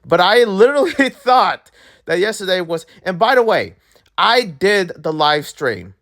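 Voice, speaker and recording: Animated young man ranting about games. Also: high voice, unhurried. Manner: animated, excitable, talks to viewers directly. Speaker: gaming YouTuber. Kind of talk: casual gaming news rant.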